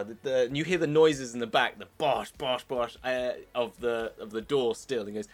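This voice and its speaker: A man running a tabletop game as dungeon master, excitable and rambling, often laughing as he narrates. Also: medium pitch, normal speed, hardly any pauses.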